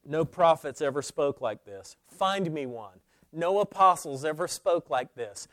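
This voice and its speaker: A man delivers a sermon, his somewhat high voice rising into forceful declarations and then dropping to near-whispered asides. The sound is dry and close, with no room around it. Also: expressive, a little slow, dry recording. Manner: emphatic preaching, swinging from loud declarations to hushed asides. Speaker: pastor.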